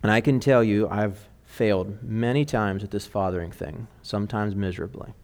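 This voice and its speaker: A man's voice: on the low side, normal speed, darkish tone. A middle-aged man preaching an earnest sermon to fathers, speaking with emphatic conviction. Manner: earnest, emphatic preaching, quoting song lyrics.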